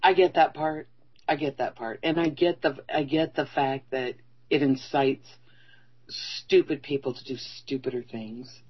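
A man's voice: mid-range voice, steady tone, measured pace, husky, lo-fi sound. A man co-hosting a talk show, chiming in with wry quips and agreement. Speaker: podcast co-host. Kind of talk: casual opinion talk.

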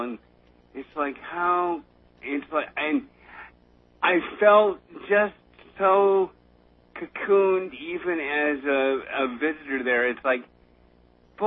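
A man in casual political chat, rambling and halting, often breaking into nervous laughter. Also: fairly high pitch. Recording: tinny phone-line audio.

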